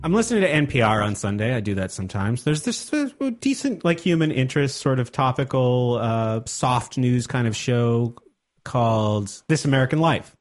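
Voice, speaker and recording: A man's voice: mid-range voice, moderate pace, soft background music. A man in casual chat, animatedly summarizing a story for co-hosts. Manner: chatty and animated, pace jumps around.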